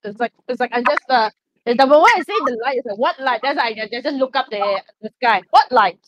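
A woman's voice: fairly high pitch, fast talker, a bit bright, lo-fi sound, slight background noise. A woman playing in a tabletop game, hesitant, with many fillers and "it's like". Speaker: player. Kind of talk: casual tabletop role-play.

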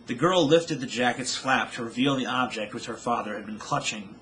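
A man's voice: medium pitch, brisk, fairly bright tone, slight background noise, poor audio. A man reading his own novel aloud with dramatic storytelling narration.

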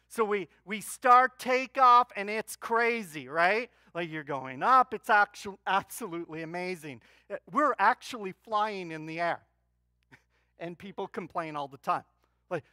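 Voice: medium pitch, measured pace, no echo. A pastor preaching a sermon in church, telling stories with humor and energy. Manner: animated storytelling with humor.

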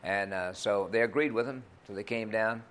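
Appearing as an interview guest on TV, this older man, a country singer and club owner, spins folksy, meandering stories. His pitch is fairly low, his pace moderate and his tone fairly bright.

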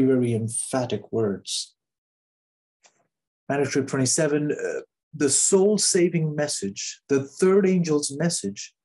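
Guy preaching, husky and a bit high, earnest, repeats stuff, trails off soft at the ends. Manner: earnest, emphatic, drops to soft low endings on key phrases; repeats and restarts phrases for emphasis. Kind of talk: sermon.

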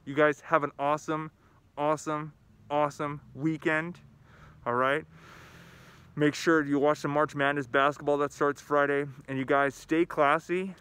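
A man's voice: on the high side, flat delivery, measured pace, a bit bright, clear, resonant tone. A man who is a school principal, talking upbeat and enthusiastic in a video message to students and telling corny jokes.

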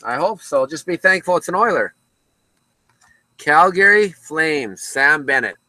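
A man's voice: on the high side, expressive, unhurried, pushed and bright, poor audio. Chatty man hosting a card break. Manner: casual, chatty, talks to viewers by name. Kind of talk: casual live-stream card break. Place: card shop.

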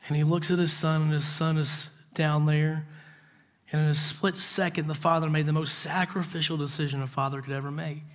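Pastor, male, slightly higher voice, earnest sermon storyteller who sinks to hushed intensity. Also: level tone, a little fast. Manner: earnest storytelling, drops to soft intense tones. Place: church.

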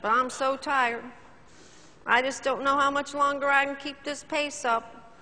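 A woman's voice: high-pitched, little pitch movement, measured pace, bright, forceful tone, big-room sound. Woman acting out a sad, weary complainer. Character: sad, tired, self-pitying adult.

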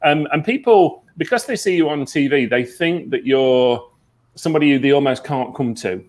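A man, a psychic medium guest, telling stories earnestly in a relaxed interview, with many fillers. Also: medium pitch, normal speed. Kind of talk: conversational interview.

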